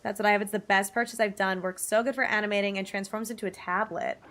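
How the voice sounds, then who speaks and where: A young woman in her twenties streaming, chatting casually with viewers in a bubbly, giggly way, her pitch jumping up often. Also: fairly even intonation, fast talker, fairly bright tone. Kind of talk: casual livestream chat reading viewer messages. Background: faint music.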